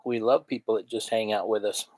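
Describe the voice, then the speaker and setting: A man's voice: lowish voice, steady tone, fairly quick, a little mellow, no room sound. A man co-hosting a live online auction, chiming in with short remarks and repeating the bids. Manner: short interjections, repeats the bids and lot contents. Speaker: auction co-host. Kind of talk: casual chat on a live stream.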